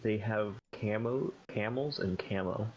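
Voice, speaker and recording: Low-voiced laid-back man on a dull mic. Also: measured pace. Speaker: podcast co-host. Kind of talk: casual chat. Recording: dull lo-fi mic with faint noise.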